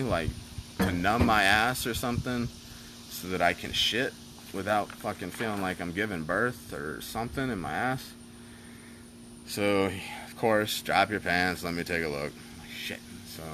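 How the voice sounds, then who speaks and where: A man casually telling a personal story, animated and profane, rambling with lots of fillers. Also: sits low, background noise.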